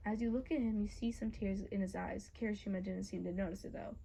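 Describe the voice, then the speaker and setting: A woman's voice: mid-range voice, steady tone, quick pace, vocal fry, hardly any pauses, mellow, husky, lo-fi sound. A young woman narrating a second-person fan story casually, with swearing and frequent asides. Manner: chatty, swearing, self-interrupting asides. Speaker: fan audio creator and narrator.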